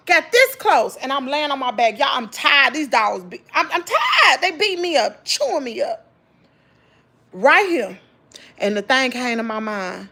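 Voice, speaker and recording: A middle-aged vlogger with a Mississippi Southern accent, her voice high and a little slow, tells viewers an emotional personal story. She's animated, emphatic and direct, calling listeners "girl" and "y'all."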